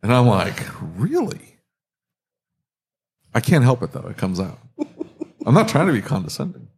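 A man's voice: on the low side, very animated, brisk, husky. Guy rambling on a podcast, pokes fun at himself, voice goes up and down a lot. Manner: self-mocking, laughs often, rambling stories. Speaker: podcast co-host, auto shop owner. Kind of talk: casual chat.

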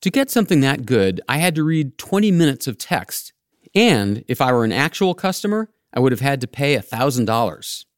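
A man's voice: medium pitch, big pitch swings, brisk, dry recording, clean studio sound. A man hosting a podcast, narrating his script in a wry, playful way. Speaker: podcast host.

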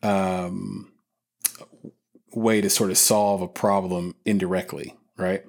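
A man's voice: low voice, flat delivery, slow pace, vocal fry, a little mellow. A man hosting a podcast, asking questions in a loose, conversational way with fillers and restarts. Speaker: podcast host. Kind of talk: casual interview chat.

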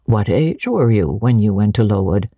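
A woman doing a brusque, commanding gentleman. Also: a bass voice, expressive, normal speed, husky, no room sound, lo-fi sound, pitched below the performer's own voice, heavily acted. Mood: imperious. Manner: curt, imperious questioning.

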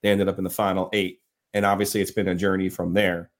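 Male sports podcast co-host, a bit low, storyteller who laughs easily. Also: level tone, quick pace. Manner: storytelling, acts out quotes, laughs often. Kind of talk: casual sports chat.

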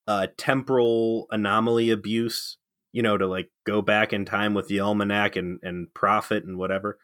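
A man's voice: on the low side, level tone, moderate pace, a bit bright, no room sound, studio quality. A man co-hosting a casual podcast, incredulous and profane as he rants. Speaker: podcast co-host. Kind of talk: casual ranting chat.

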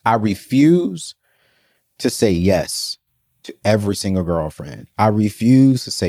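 A man talking as a guest in a conversation, giving faith-based advice in an energetic, preacherly way full of rhetorical questions. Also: fairly low pitch, measured pace. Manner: energetic and emphatic, acts out scenes. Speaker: podcast guest.

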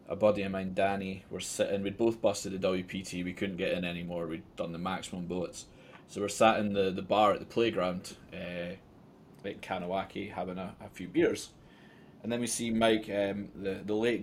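A Scottish man in his thirties tells rambling, self-mocking stories in a relaxed interview and swears freely. His voice sits low. A faint noise hums in the background. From Scotland. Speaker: poker player guest. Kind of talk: casual storytelling interview.

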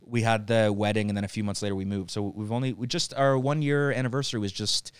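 Young man, from Ireland, casual storytelling, animated, swears, laughs a lot, dry close sound. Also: fairly low pitch, fast talker, clear, resonant tone, dry recording. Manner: animated, acts out quotes, swears freely, laughs often. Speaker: podcast guest.

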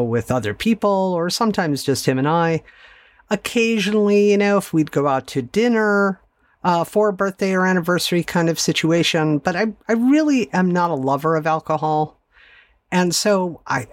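A woman's voice: low voice, dry recording. A middle-aged woman hosting a podcast, candidly recounting a personal story in a conversational way with wry asides. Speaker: podcast host.

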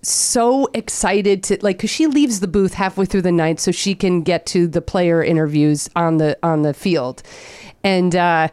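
A woman's voice: on the low side, measured pace, darkish tone, clean tone, dry recording. Chatty, opinionated woman hosting a podcast. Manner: chatty, jumps between tangents; opinionated sports talk. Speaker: podcast host. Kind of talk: casual chat.

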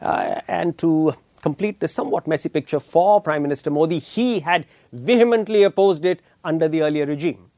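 A middle-aged man with an Indian English accent hosting an opinionated news commentary, emphatic and deliberate, with frequent filler pauses. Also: fairly high pitch, warm tone, no echo, studio quality. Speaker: commentary show host.

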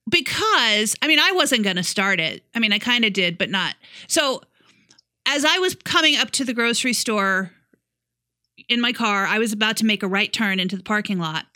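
A woman's voice: medium pitch, animated, moderate pace, pushed and bright, no room sound, clean studio sound. A woman co-hosting a podcast, telling a story bluntly in casual chat with plenty of swearing. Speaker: podcast co-host.

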